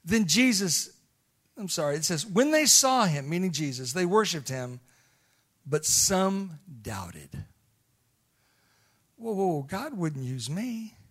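A man with a high voice preaches a sermon as a storyteller. He drops to near hushes and then climbs to shouting peaks. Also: big pitch swings, normal speed, breathy edge. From Illinois. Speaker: missionary preacher.

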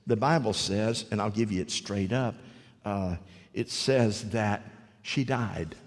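A man's fairly low voice moves slowly through a sermon, echoing with long reverb across a large hall full of listeners. His storytelling is folksy and sprinkled with jokes, and he puts questions to the congregation.

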